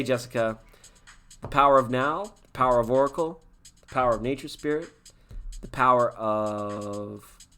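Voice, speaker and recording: A man's voice: medium pitch, fairly bright tone. A man hosting a live tarot stream in casual chat, talking to viewers by name and laughing often.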